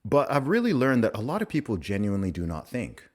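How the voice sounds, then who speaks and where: A man's voice: medium pitch, wildly swooping pitch, fast talker. A man hosting a podcast conversation, talking emphatically and repeating his points. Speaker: podcast host. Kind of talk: casual conversation.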